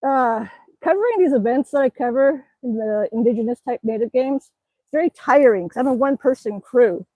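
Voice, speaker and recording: A woman's voice: a little high, expressive, normal speed, mellow, dry recording, rough recording. Breathless cheerful woman streaming outdoors. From Alaska. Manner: chatty, cheerful, exclaiming often. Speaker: livestreaming vlogger. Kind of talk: casual live-stream chat. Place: outdoors, by an exercise bike.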